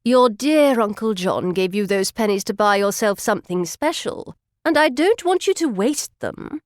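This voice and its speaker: A woman's voice: medium pitch, animated, normal speed, dry recording, studio quality, close to an everyday voice. A woman voicing a prim, snobbish well-off mother who speaks in a cold, clipped, disapproving way.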